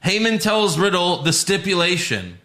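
A man's voice: high-pitched, sing-song, normal speed, sharp tone, echoey room. A man co-hosting a casual wrestling podcast, recapping matches with swearing and playful mock quotes. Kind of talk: casual chat.

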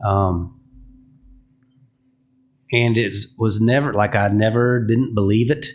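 A man's voice: on the low side, steady tone, takes it slowly. A man, a music publisher, giving a podcast interview and telling candid stories, acting out what people said to him. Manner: candid storytelling, acts out quoted dialogue.

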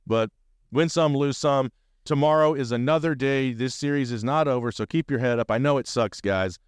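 A fired-up man talking sports on his podcast, rambling from one thought to the next and swearing freely. His voice is smooth and resonant at a middle pitch, recorded dry and close. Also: moderate pace, no room sound. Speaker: podcast host. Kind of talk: casual sports fan talk.

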